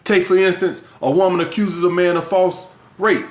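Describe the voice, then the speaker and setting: A man giving a blunt, profane opinion in casual talk, with halting restarts. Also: sits high, steady tone. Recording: echoey room.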